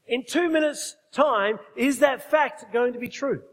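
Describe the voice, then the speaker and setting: High-voiced preacher in a hall. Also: male voice, a little slow. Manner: emphatic, asks the congregation questions. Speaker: pastor. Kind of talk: sermon.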